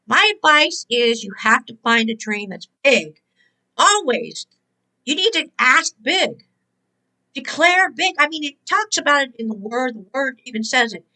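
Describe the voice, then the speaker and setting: High, bright-voiced woman preaching gratitude. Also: big pitch swings, unhurried, poor audio. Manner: emphatic and exhorting, repeats key words. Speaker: host and motivational speaker. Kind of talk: spiritual motivational talk.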